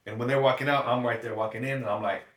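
A man's voice: mid-range voice, fairly even intonation, very fast. A man giving a tearful, shaky personal testimony, acting out the dialogue in his story. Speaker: guest. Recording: echoey room, mic at a distance.

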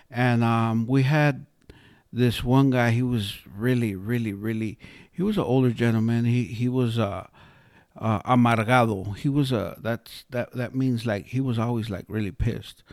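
A man's voice: mid-range voice, a little mellow, no echo. Earnest rambling man in a dry room. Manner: rambling, repeats words and restarts, earnest. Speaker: interviewee sharing life philosophy. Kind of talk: casual storytelling.

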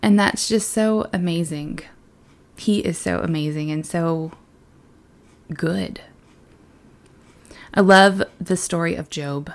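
A woman's voice: lowish voice, slow pace, long pauses. A young woman who works in children's ministry, giving an earnest, conversational devotional talk.

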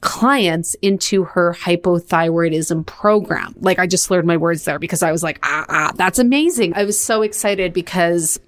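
A woman's voice: on the low side, fairly even intonation, moderate pace, hardly any pauses, slight background noise. A woman hosting her own podcast, talking casually in a blunt, chatty, upbeat way with rambling asides. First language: bilingual, English and French. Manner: blunt and to the point. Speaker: podcast host and business coach.

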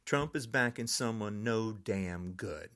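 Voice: mid-range voice, takes it slowly, fairly bright tone. An older podcast host in a frustrated, angry political rant.

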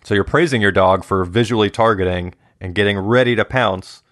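A man who trains dogs, explaining things in a relaxed, steady way during a conversation. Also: on the low side, fairly quick, dry recording, studio quality. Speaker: dog trainer. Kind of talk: casual conversation.

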